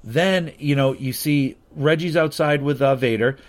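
A man's voice: fairly high pitch, a little slow. A man casually reviewing a comic book, rambling through the story with lots of fillers and asides.

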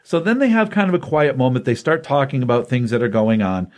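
In a loose, conversational retelling of a comic book story, a podcast host drifts in and out of quoted lines. He speaks in a mid-range voice, animated, with brisk voiced quotes.

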